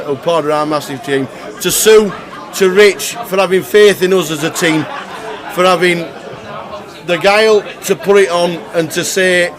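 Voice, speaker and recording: A man hosting a poker live stream, rambling jovially through thank-yous and repeating himself. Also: on the high side. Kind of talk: live stream presenting and thank-you speech. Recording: loud crowd around the mic. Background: crowd noise.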